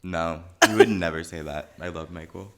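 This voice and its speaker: A young man with a very low voice co-hosts a casual podcast chat. He mostly puts in short, dry reactions and quick quips. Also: sharp tone. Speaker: podcast co-host.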